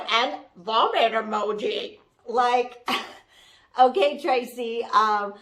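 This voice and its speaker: A woman's voice: fairly high pitch, fairly bright tone. A woman playing a bubbly, trendy young social media manager who talks in valley-girl style, peppered with "like" and "totally", in a comedic character monologue.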